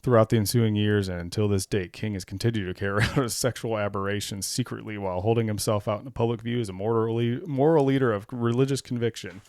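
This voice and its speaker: A man's voice: on the low side, steady tone, fast, hardly any pauses, a little mellow, no echo, clean studio sound. A man co-hosting a casual podcast chat, reading documents aloud, laughing often and swearing as he gets worked up. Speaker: podcast co-host.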